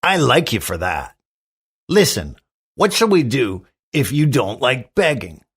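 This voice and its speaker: A sly, pushy teenage beggar boy from a storybook, as a man reading aloud puts him on, who wheedles and orders others about. His voice swings up and down a great deal, and he talks at an unhurried pace. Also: mid-range voice, very animated, a bit bright, husky, voice pushed up, heavily acted. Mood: coaxing.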